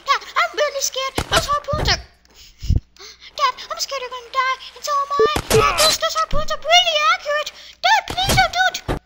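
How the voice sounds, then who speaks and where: A woman voicing a terrified little kid who whines and begs their daddy in a high, pleading voice. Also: normal speed. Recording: loud background noise.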